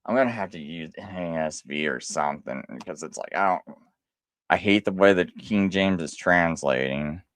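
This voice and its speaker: A man hosting a live stream, talking casually and insistently, with halting restarts as he argues a point. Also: low-pitched, fairly bright tone, no room sound.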